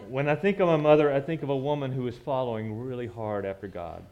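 A man's voice: medium pitch, fairly quick, a little mellow, highs cut off, a little hiss or hum. A man, telling a personal story from the pulpit in a conversational, reminiscing way with frequent restarts. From southern United States. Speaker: church speaker.

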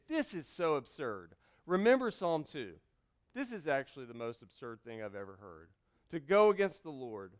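High-voiced pastor preaching with bursts. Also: male voice, smooth. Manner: preaching with scripture readings and sudden loud and quiet turns. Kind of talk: sermon.

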